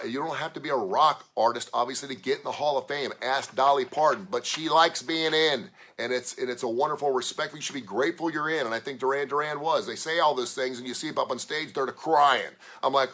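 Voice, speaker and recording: A man hosting his own radio show, talking alone with hyped shout-outs and rambling asides. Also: mid-range voice. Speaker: radio host. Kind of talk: solo radio show monologue.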